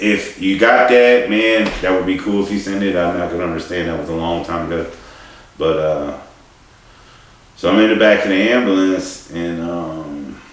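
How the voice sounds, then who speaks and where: A low-voiced man tells his own story casually, halting and restarting, with bits of swearing and laughter at himself. He sits some way from the mic in a room with heavy echo. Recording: distant mic in a very echoey room.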